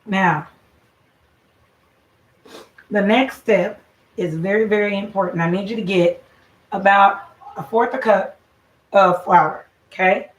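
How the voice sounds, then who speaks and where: A woman's voice: medium pitch, fairly even intonation, slow pace, pauses often. A woman hosting a casual home cooking livestream, chatting straight to her viewers with a salty, easygoing manner. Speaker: home cooking show host and mother. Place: home kitchen. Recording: echoey room, voice from a distance, faint noise.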